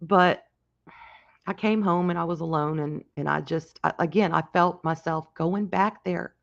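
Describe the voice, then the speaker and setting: A woman hosting a casual livestream, talking in a halting, emotional way with many restarts and reading out chat comments. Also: on the low side, fairly even intonation, creaky, highs cut off. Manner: reads and answers chat comments. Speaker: livestream host.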